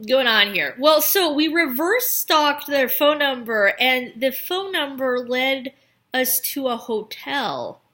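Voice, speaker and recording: A woman's voice: high-pitched, bright, forceful tone. A young woman vlogging, telling a story in a chatty, rambling way full of filler words. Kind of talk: casual storytelling to camera.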